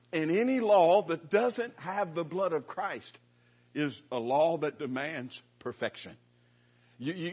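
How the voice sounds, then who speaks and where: A man's voice: a little high, husky. A man preaching a Bible-study sermon in an earnest, emphatic way, often repeating words as he goes. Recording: muffled lo-fi recording.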